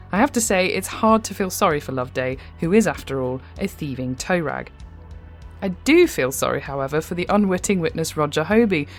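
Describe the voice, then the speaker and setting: An English woman hosting a horror podcast, giving wry, conversational commentary with light humour. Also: low-pitched. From England. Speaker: podcast host. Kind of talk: reflective commentary after a story.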